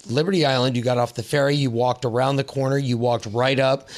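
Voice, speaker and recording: Man, mid pitch, podcast co-host, casual explanatory chat. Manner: explanatory, with fillers and restarts.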